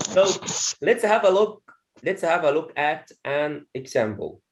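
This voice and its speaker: A man teaches pronunciation to a class, with a fairly high voice that swings widely in pitch. He speaks slowly and deliberately, repeats his points and keeps asking the room "okay?". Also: lively intonation. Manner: slow, repeats each point, checks with "okay?". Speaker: English teacher. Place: classroom with students.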